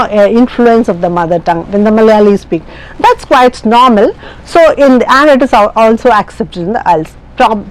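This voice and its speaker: This is a classroom IELTS speaking lesson from an Indian English-accented woman with a somewhat high voice. Her explanatory delivery is full of fillers and restarts, and the recording quality is low.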